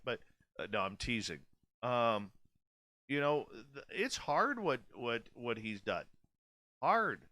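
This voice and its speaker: A man's voice: medium pitch, sing-song, slow pace, pauses often, sharp tone, no echo. A man in his forties hosting a radio show, speaking bluntly and candidly in a casual late-night monologue. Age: 40s. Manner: blunt, candid and profane, with many restarts.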